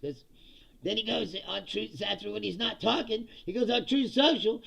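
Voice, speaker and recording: Gravelly, sarcastic man ranting profanely. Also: high voice, normal speed, a bit bright. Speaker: host of political comedy show. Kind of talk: casual livestream commentary, reading chat.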